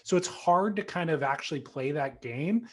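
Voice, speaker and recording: A man's voice: fairly high pitch, expressive, normal speed, husky. A man co-hosting a podcast in casual chat, enthusiastic and given to teasing banter. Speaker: podcast co-host.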